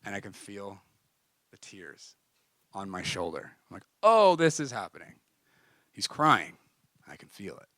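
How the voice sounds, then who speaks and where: A man giving a church talk, telling a personal story in a lively way and acting out the conversations. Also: on the low side, a little slow, long pauses, dry recording. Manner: animated, acts out conversations, frequent "like". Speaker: speaker at a church gathering.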